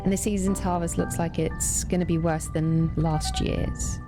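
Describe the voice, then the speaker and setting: A woman's voice: fairly low pitch, steady tone, unhurried, music in the background, natural voice. A woman reading as a grumpy cynic. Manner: grumbling, scornful.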